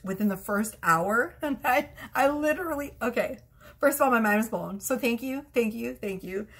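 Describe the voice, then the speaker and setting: A woman tarot reader rambling excitedly to her followers in a casual vlog, swearing freely and restarting her sentences. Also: medium pitch.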